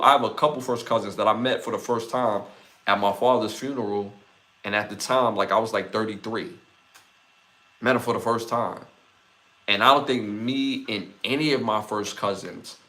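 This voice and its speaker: A man's voice: lowish voice, bright, forceful tone. A man in his forties hosting a podcast, talking through his thoughts in a casual, reflective monologue full of "like" and "right?". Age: 40s. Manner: reflective, conversational, talks things through with "like" and "right?". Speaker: podcast host. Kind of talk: casual solo podcast talk.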